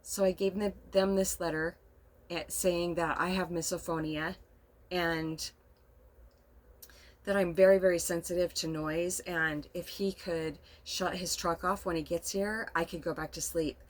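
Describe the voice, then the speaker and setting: A middle-aged woman with a fairly low voice talks to her camera from inside a camper. She rambles softly through a personal story, emotional and quick to laugh, in an unscripted, casual way. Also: fairly even intonation. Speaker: vlogger.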